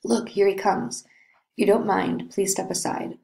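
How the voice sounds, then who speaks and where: A woman's voice: medium pitch, fairly even intonation, unhurried, gravelly, dark tone. A woman reading the part of an earnest young man who coaxes and questions his cousin. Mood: concerned. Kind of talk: reading a play aloud.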